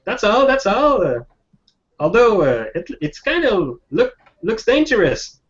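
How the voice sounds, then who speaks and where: A man's voice: high-pitched, sing-song, a little slow, voice pushed up. A man voicing a cocky, curious teenage boy who talks in a breezy, placating way. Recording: dull lo-fi sound.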